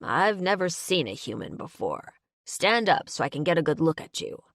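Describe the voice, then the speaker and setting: A woman voicing a menacing male bird-like alien soldier in an audiobook, speaking in slow, clipped demands. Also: low voice, sing-song, fairly bright tone, dry recording, clean studio sound, heavily acted.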